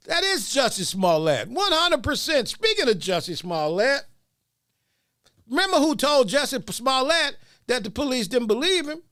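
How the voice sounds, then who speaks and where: A man hosting a podcast, mocking video clips with loud laughter and comic commentary. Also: extremely high pitch, a little slow, no room sound, clean studio sound. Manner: mocking, laughs a lot, animated. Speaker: podcast host. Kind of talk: comedic commentary.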